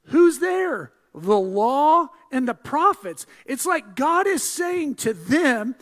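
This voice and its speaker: A male pastor preaching a sermon, swinging from hushed asides to loud, emphatic build-ups. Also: extremely high pitch, big pitch swings, slow pace.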